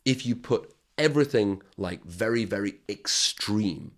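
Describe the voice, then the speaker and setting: A man's voice: lowish voice, lively intonation, unhurried. A man teaching an English grammar lesson on video, explaining patiently and checking in with "okay?" as he goes.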